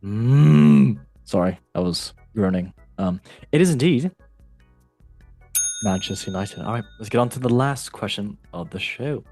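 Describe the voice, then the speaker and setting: Man, quiz host, husky voice, playful, rambling, faint music behind. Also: on the low side, expressive, normal speed, darkish tone. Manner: playful, rambling, jokey asides. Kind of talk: casual podcast quiz hosting.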